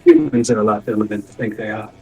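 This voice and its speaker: A man's voice: on the low side, huge pitch swings, quick pace, gravelly, darkish tone, distant mic, faint music behind, heavily acted, rough recording. A man voicing a shifty shapeshifting dealer who talks in a sly, scornful way. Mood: sly, scheming. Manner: sly, scornful deal-making.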